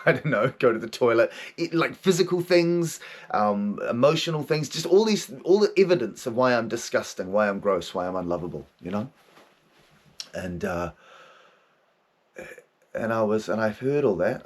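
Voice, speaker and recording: Candid, swearing man with a husky voice. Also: medium pitch. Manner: candid, swears often, laughs while talking. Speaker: podcast host and therapist. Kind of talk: casual personal monologue.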